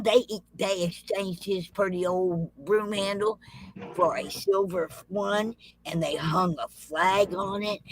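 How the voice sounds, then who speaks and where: A woman spins a comic tall tale in a drawling, folksy style, her delivery lively and full of rural turns of phrase. Her voice sounds bright and forceful. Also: mid-range voice, rough recording. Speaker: storyteller.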